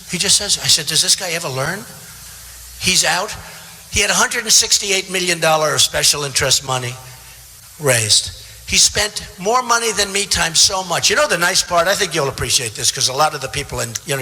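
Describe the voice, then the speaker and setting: A man in his seventies, his voice a little high and sharp, delivers a boastful, rambling rally speech to a crowd in a large theater. As a political candidate, he repeats himself and throws conversational asides to the audience, with the theater PA adding long hall reverb.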